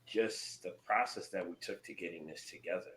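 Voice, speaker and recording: Guy on a podcast, earnest and thoughtful, bright tone, echoey room. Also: low voice, moderate pace. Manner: earnest, thoughtful, speaks calmly. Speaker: podcast co-host. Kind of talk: casual podcast chat.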